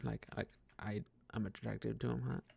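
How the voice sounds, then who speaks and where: A man's voice: lowish voice, steady tone, normal speed, creaky, warm tone, breathy edge. A young man talking casually and openly to himself, rambling with many restarts and frequent laughs. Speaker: podcast host. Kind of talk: casual personal monologue.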